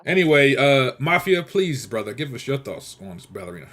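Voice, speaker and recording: A man's voice: mid-range voice, sing-song, brisk, a bit bright. A man hosting a casual podcast chat, brash and profane as he teases the others. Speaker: podcast host.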